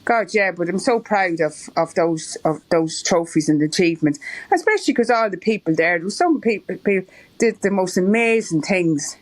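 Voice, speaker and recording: She's a middle-aged Irish woman and marathon runner, guesting on a laid-back interview. Her voice sits on the low side at a normal speed as she rambles through stories and laughs frequently.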